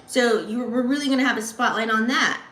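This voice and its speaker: A woman's voice: fairly high pitch, brisk, a bit bright. A woman hosting an astrology channel, giving a casual, slangy reading and talking straight to her viewers. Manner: slangy, chatty, addresses viewers directly. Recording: echoey room.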